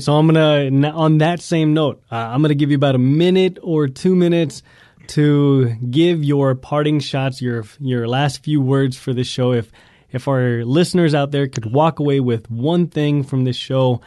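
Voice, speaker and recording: A man's voice: mid-range voice, moderate pace, warm tone, no echo, clean studio sound. A man hosting a podcast interview, putting friendly, encouraging questions to his guest. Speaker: podcast host.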